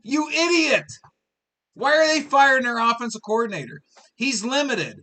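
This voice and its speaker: A man's voice: extremely high pitch, lively intonation, normal speed, pushed and bright. A man in his fifties hosting a live sports talk show, ranting in an exasperated way and repeating his questions. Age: 50s.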